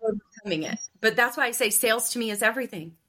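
A woman's voice: fairly high pitch, quick pace. A middle-aged woman from Ohio, a sales coach telling stories in an interview and acting out the dialogue. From Ohio, US Midwest. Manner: animated storyteller who acts out quoted dialogue. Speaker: sales coach and podcast guest. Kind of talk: casual interview storytelling.

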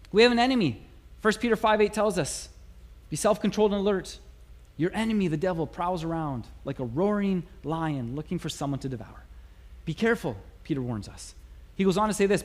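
A pastor preaches a sermon in a church sanctuary with a high, lively voice. His delivery is animated and conversational, sprinkled with playful asides.

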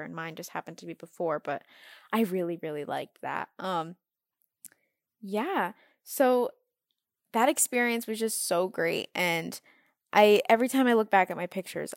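A woman's voice: vocal fry, dry recording, clean studio sound. A teenage girl hosting her own podcast, talking casually and upbeat about a recent experience. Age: teens. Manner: bubbly, upbeat, acts out quoted chats in a higher voice. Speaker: podcast host. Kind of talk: casual solo podcast talk.

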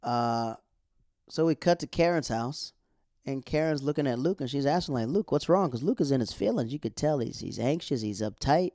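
A man gives a casual, animated recap of a TV episode, chatty and colloquial, often laughing. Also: medium pitch, normal speed, dry recording, clean studio sound. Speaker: TV show recap vlogger.

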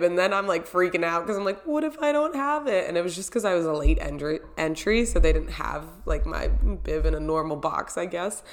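Chatty young woman with a lowish voice. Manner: chatty, rambling, reenacts her own reactions. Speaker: vlogger recapping her own race. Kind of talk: casual storytelling recap.

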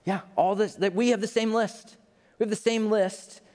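A man preaching a sermon in an animated way, briefly acting out the people he talks about in quick put-on voices. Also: high-pitched. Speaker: pastor. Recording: long hall reverb.

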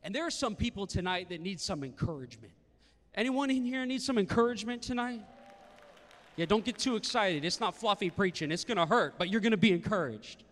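Energetic preacher man in a reverberant hall. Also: sits high, moderate pace. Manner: energetic, call-and-response, swings from hushed to shouting. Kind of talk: interactive live sermon. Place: large hall with congregation.

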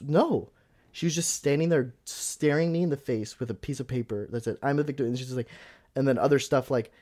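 In a loose podcast conversation, a young co-host tells a story packed with filler words. His pitch is an ordinary middle range, and he imitates the people he quotes with sudden loud outbursts.

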